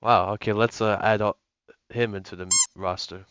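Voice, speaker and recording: A man's voice: fairly low pitch, fairly even intonation, normal speed. A young man giving casual gameplay commentary as a gaming YouTuber, rambling with lots of fillers and restarts. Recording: lo-fi with music and mains hum.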